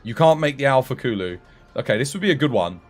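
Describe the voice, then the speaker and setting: A British man streaming a game, chatting in a relaxed way with his viewers while tired and dry in the throat. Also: mid-range voice, fast, faint music behind. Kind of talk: live game stream commentary.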